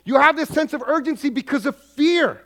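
A man with a very high, sharp-toned voice preaches a sermon at a normal pace. This pastor repeats his points for emphasis and slips into the voices of the people he counsels, acting out their words in quoted asides.

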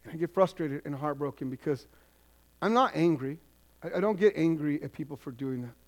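A man's voice: fairly high pitch, animated, a little fast. A male pastor preaching a sermon, repeating his points for emphasis and slipping into the voices of the people he counsels. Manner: acts out congregants' voices in quoted asides.

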